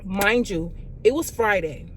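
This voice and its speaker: A young woman tells a storytime vlog, cursing freely and leaning on "like" and "y'all". Her pitch sits in a middle range, and a faint hiss of background noise sits under the voice. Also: a little slow. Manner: animated, profane, fillers of "like" and "y'all". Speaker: vlogger.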